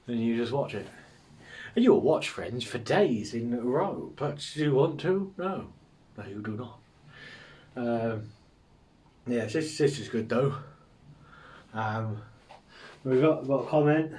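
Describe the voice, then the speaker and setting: A man's voice: mid-range voice, lively intonation, measured pace, pauses often, a little mellow. A man hosting a live show and answering viewer questions in casual chat, sarcastic and ranting, with plenty of swearing.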